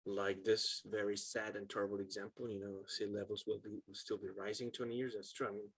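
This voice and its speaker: A man's voice: lowish voice, level tone, fairly quick, breathy edge, dry recording. A man with a Chilean Spanish accent teaching an English lesson on a video call, casual and chatty, with many ums and uhs. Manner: casual, chatty, laughs often, fills with um and uh. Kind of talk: online class.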